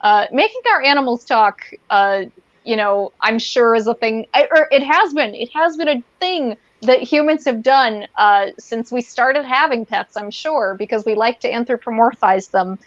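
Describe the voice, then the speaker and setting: A woman co-hosting a casual podcast chat, playful and rambling. Her voice sits a little high. The sound is dull, lo-fi and dry. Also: moderate pace, no room sound. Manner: rambling and playful, with many fillers. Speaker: podcast co-host.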